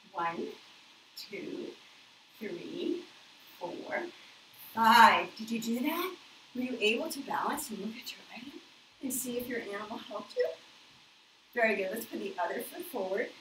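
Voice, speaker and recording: A woman teaching a children's yoga class, counting aloud and giving gentle, cheerful cues. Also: on the high side, echoey room, far from the mic, a little hiss or hum, rough recording. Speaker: yoga instructor.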